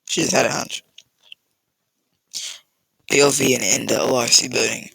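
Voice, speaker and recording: A man reading a fan-fiction story aloud in a casual, halting way, with fillers and restarts. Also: mid-range voice, steady tone, vocal fry, fairly bright tone, husky, no echo, low-quality recording. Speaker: story reader.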